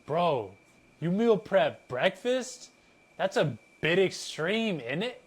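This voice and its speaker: Guy putting on a groggy whiny office dude, voice pushed up a bit higher. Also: lively intonation, a little slow, fairly bright tone. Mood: scoffing. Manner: whiny, groaning complaints. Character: sluggish tired young office worker man.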